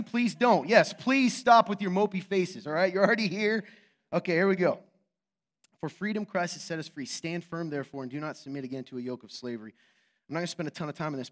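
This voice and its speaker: A male pastor preaching a sermon in an animated, joking way, teasing his congregation and asking rhetorical questions. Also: fairly high pitch. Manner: quick, emphatic, asks rhetorical questions.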